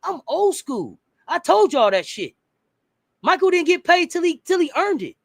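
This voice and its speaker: A man's voice: very high-pitched, very animated, moderate pace, vocal fry, no room sound. A man in a heated sports talk rant, blunt and profane, firing off rhetorical questions. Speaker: sports commentator.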